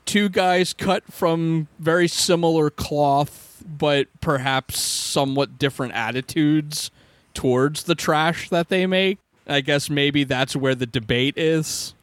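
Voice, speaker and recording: A man co-hosting a podcast, talking slowly and deliberately in casual chat. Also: fairly high pitch, no echo. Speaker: podcast co-host.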